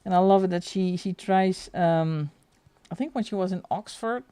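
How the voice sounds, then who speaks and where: A woman's voice: lowish voice, moderate pace, warm tone, smooth, no room sound. A middle-aged woman hosting a coloring livestream, rambling and chatty as she answers her chat and laughs often. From Netherlands. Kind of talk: casual live-stream chat.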